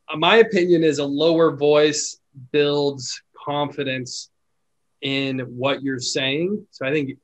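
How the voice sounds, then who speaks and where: A man's voice: medium pitch, poor audio. A man who owns a call center, a guest on a podcast, explaining his ideas thoughtfully with frequent restarts. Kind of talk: casual podcast chat.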